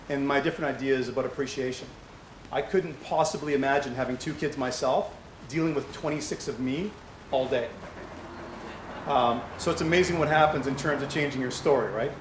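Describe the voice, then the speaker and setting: A man's voice: mid-range voice, steady tone, normal speed. Man telling stories at a fundraiser. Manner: anecdotal, asks rhetorical questions. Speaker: speaker at a charity fundraiser. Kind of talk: conversational speech to an audience. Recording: echoey hall with faint background hum.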